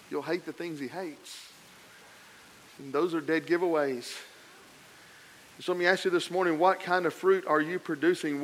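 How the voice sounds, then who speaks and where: A man preaching a sermon, telling a story with lively swings between loud emphatic passages and quiet, low asides. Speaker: pastor.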